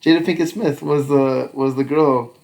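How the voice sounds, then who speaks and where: A man's voice: medium pitch, fairly even intonation, moderate pace, vocal fry, darkish tone. A man in casual podcast chat, talking loosely with lots of fillers and cursing, slipping into quoted voices. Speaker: podcast co-host.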